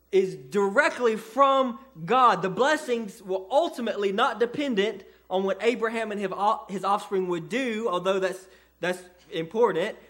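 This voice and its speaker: A man's voice: high-pitched, a bit bright. A man preaching a sermon in a church, reading scripture and explaining it earnestly, often restarting and repeating words. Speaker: pastor. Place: church sanctuary.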